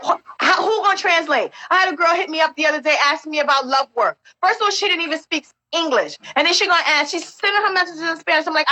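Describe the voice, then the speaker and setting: A woman's voice: very high-pitched, fast, pushed and bright, rough recording. A woman hosting a casual livestream chat about spiritual work, talking bluntly and emphatically with scolding asides. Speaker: spiritual worker, livestream host.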